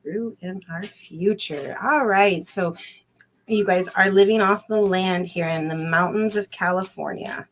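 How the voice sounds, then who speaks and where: A woman's voice: mid-range voice, unhurried, slight background noise. A woman giving a psychic card reading on a livestream, effusive and giggly, often repeating herself. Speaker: guest psychic. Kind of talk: live-streamed card reading.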